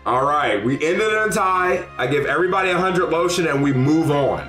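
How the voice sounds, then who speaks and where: A man streaming a game live, excitable and often shouting and laughing as he talks to his chat. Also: a little high, fairly quick, roomy sound. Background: faint game music.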